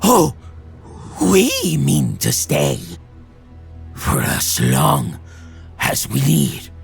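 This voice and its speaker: A man's voice: mid-range voice, huge pitch swings, drawn-out words, gravelly, slightly rough, faint music behind, full character voice. A man voicing a sinister, hungry female hag who mocks and cackles in a sing-song way. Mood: taunting. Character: sinister hungry female hags, mocking and gleeful.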